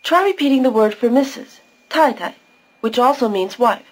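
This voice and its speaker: A woman's voice: fairly high pitch, animated, moderate pace, rough recording. A woman giving scripted narration for a language course, patiently explaining pronunciation step by step.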